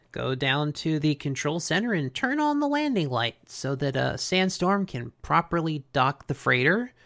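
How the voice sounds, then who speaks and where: Slow, gravelly-voiced podcast co-host man. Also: a little high, a bit bright. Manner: sarcastic, acts out characters while recapping. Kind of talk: casual recap chat.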